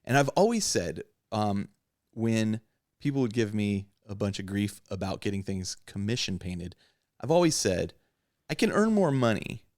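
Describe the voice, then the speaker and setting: A man with a lowish voice talks in a loose, rambling way as a podcast host, laughing now and then. The sound is close and dry, with no room around it. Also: expressive, normal speed, darkish tone, no echo. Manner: rambling, candid, laughs often. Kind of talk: casual hobby chat.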